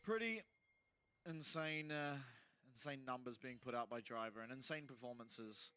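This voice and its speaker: A man's voice: mid-range voice, normal speed, smooth. A man giving play-by-play commentary on a competitive game match. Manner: steady, analytical play calls. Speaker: esports caster.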